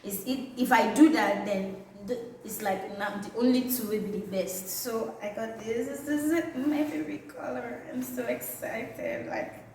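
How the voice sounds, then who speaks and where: A young woman with a Nigerian accent, chatting playfully and excitedly in a casual vlog. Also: a little high, a little hiss or hum. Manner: playful and excitable, drawn-out catchphrases. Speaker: vlogger. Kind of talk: casual vlog showing items to camera. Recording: very echoey room, slightly distant mic.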